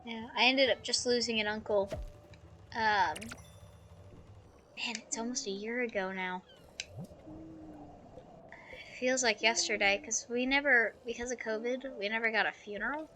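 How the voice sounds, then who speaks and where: A woman streaming a video game live, chatting casually in a soft, emotional way with many fillers. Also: a little high, fairly even intonation, unhurried, long pauses, a little hiss or hum. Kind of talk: casual live gameplay commentary.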